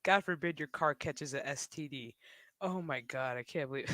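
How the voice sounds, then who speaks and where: Man, streamer, crude mocking rant, slightly high voice, dry sound. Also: animated, a little slow, pushed and bright, no room sound. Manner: crude, mocking, laughs often. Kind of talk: casual livestream rant.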